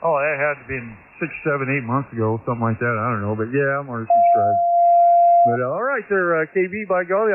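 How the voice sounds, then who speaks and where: A man's voice: a little high, noisy background. A man calling in on a ham radio, easygoing and joking, saying by golly. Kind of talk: casual radio chat. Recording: tinny radio transmission.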